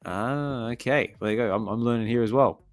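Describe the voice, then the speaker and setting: A man hosting a relaxed comic reading, chatty and curious, who thinks aloud and stumbles over names as he reads. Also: mid-range voice, brisk, no echo, faint music behind. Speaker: comic reading channel host.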